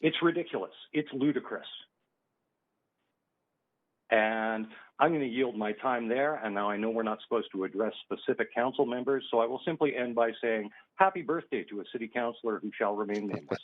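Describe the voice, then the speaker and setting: A man's voice: mid-range voice, brisk. A man calling in to a council meeting, giving blunt, emotional public comment full of rhetorical questions. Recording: tinny phone line.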